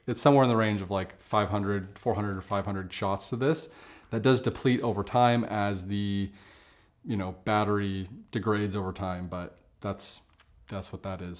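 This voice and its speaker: A man talking casually in a camera review vlog, relaxed and conversational, with lots of fillers and asides. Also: fairly low pitch.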